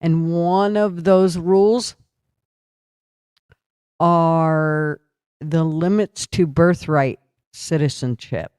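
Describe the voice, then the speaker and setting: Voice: medium pitch, steady tone, drawn-out words, long pauses, a little mellow, clean tone, no echo, studio quality. A livestream host in casual political chat, tired and yawning, talking loosely and answering viewer comments aloud.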